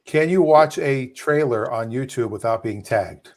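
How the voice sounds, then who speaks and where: A man's voice: medium pitch, a little slow, darkish tone. A man at an online movie night, cracking jokes and telling an anecdote. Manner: joking storyteller. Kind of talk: casual group chat.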